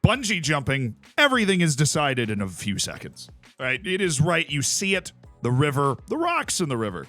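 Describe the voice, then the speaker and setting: A man streaming a game, telling stories in a casual, animated way and laughing often. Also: fairly high pitch, moderate pace, faint music behind. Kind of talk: casual chat while playing a game.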